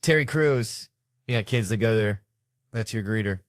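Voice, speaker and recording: Loud ranting comedian man, profane. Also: lowish voice, normal speed, dry recording, studio quality. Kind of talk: stand-up storytelling.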